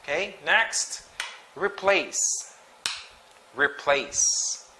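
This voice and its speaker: A man teaching English pronunciation, reading sight words slowly and twice each, with short explanations. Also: fairly high pitch, lively intonation, background noise. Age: adult. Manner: slow and deliberate, repeats each word twice with brief explanations.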